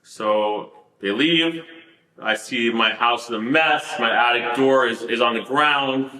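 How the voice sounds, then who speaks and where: A man recounts his story as a podcast guest, rambling and stacking fillers as he goes. His voice is bright and forceful, and it rings a little in a roomy space. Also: mid-range voice, slow. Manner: rambling, many "like" fillers, laughs at the absurdity. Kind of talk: storytelling in a casual interview.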